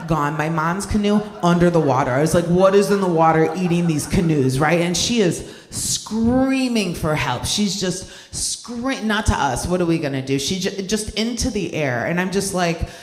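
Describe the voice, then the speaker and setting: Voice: mid-range voice, animated, moderate pace, few pauses, a little hiss or hum. A young adult stand-up comedian performing live, talking conversationally, poking fun at themself and checking in with the crowd. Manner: conversational, self-deprecating, keeps checking in with the crowd. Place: event hall stage. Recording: roomy hall reverb.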